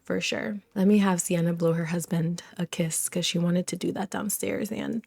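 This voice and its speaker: A woman's voice: on the low side, steady tone, normal speed, gravelly, a little mellow, no room sound. A young woman casually commenting on her life-simulation game, gushing over her characters and voicing their chats. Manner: gushing, chatty, voices the characters' thoughts. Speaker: let's play host.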